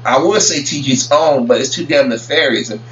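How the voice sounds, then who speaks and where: A male vlogger offers a rambling, casual rant on celebrity news to camera, frequently stammering and repeating words. His pitch is medium, his speed normal, his tone a bit bright. It's captured in roomy, distant, dull lo-fi audio with a faint hum.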